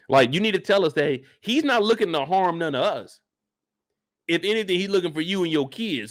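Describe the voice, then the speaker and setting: With a voice on the high side, a man reacts to a TV episode in a comedic rant, cursing freely and laughing a lot in an animated way. The sound is clean studio quality without any echo.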